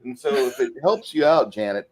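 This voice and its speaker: A man's voice: medium pitch, expressive, moderate pace, crowd noise. Crude, blunt man host. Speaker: podcast host. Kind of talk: casual chat about a film.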